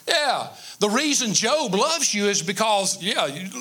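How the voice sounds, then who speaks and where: A man's voice: sits high, big pitch swings, measured pace, pushed and bright, slightly rough. A man preaching a conversational sermon, joking with his congregation and building up emphatic repetitions. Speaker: pastor.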